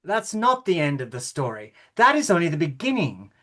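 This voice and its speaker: A man's voice: on the high side, big pitch swings, normal speed, bright, forceful tone, full character voice. A man playing a fragile, fussy older king in a rehearsal over a video call, hesitant and apologetic with little stammers. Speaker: actor in rehearsal.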